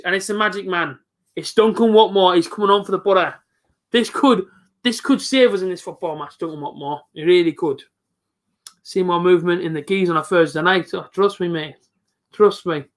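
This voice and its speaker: Young male fan streamer with a high voice, calling a match live in an excitable, chatty way and talking to his viewers. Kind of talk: live football reaction commentary.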